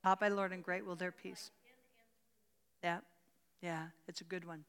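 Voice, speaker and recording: Older woman, bible study teacher, fervent, bright crisp voice, long hall reverb. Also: lowish voice, level tone, moderate pace. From rural Pennsylvania. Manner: fervent, repeats words, answers questions from the room. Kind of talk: teaching a church group with prayer.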